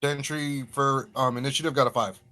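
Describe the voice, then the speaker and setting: A man at the gaming table talks in a relaxed, casual way. He explains his character's plans step by step and fills the gaps with "like" and "um". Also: medium pitch, a little fast. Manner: relaxed, describes his moves with fillers. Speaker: player. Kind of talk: casual tabletop game chat.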